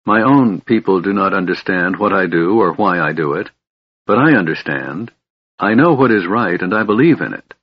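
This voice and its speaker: A man voicing a shy, sorrowful young elven woman who speaks softly and low, on a dull dry recording. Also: lively intonation, normal speed, husky, dry recording. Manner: soft, low-voiced.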